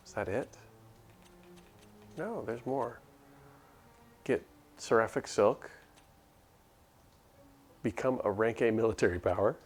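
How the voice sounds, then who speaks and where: A man's voice: fairly low pitch, lively intonation, slow, long pauses. A man streaming a game, giving casual commentary and muttering through quest text aloud. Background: faint music.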